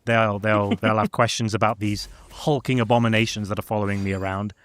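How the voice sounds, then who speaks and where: A man voicing a defiant woman who leads a horde of monsters, speaking slowly in his own lowered voice while retelling game lore. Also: flat delivery, lightly acted. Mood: resolute.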